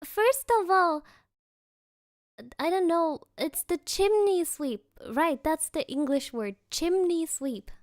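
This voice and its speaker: A young woman with a high voice chats unhurriedly from home, excitable and quick to laugh. She leans on fillers as she tells a story, and the sound is close and dry with no room around it. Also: dry recording. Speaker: streamer. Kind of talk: casual storytelling chat. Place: at home, creaky floor.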